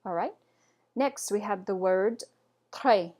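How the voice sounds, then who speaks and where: A woman with a mid-range, slightly mellow voice speaks a little slowly as she teaches pronunciation online. She carefully repeats each word as a model and encourages the learner throughout this patient lesson.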